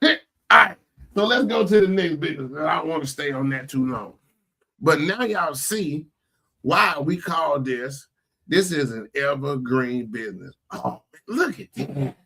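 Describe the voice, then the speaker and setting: A man talking casually on a live stream, his voice swinging widely and sitting a bit high. He takes his time and often stops to restart his sentences, sounding amazed at what he shows. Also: a little slow. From Florida. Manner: animated, incredulous, rambling with restarts. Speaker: host. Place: home workspace at a computer.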